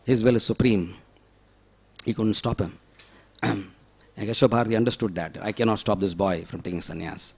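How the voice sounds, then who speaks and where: A man with a medium-pitched voice preaches a devotional sermon, telling stories and swinging dramatically from loud pleading to hushed whispers. He poses rhetorical questions frequently.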